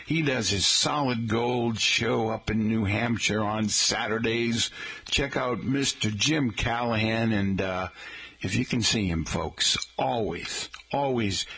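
Male radio host, casual and rambling, raspy gravel at the bottom of his voice. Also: lowish voice, slow pace, bright, forceful tone. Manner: rambling, folksy, chatty asides to listeners.

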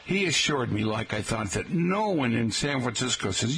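Male teacher with an average-pitched voice, folksy talk-radio delivery, spells words out and says "folks" a lot. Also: very animated, moderate pace, a bit bright, slight background noise, poor audio. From Boston area, Massachusetts. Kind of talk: talk-radio style lesson on regional pronunciation.

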